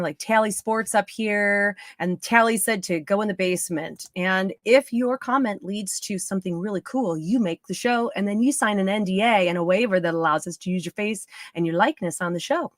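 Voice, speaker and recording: A woman's voice: medium pitch, a little fast, few pauses, no room sound. Chatty playful woman psychic on a stream. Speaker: psychic medium. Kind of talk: live-stream psychic reading.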